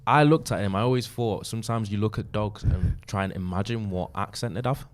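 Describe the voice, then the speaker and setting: A man co-hosting a football podcast, rambling through an odd question and trailing off softly. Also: fairly low pitch, fairly quick. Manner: rambling, tails off quietly at line ends. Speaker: podcast co-host. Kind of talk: casual chat.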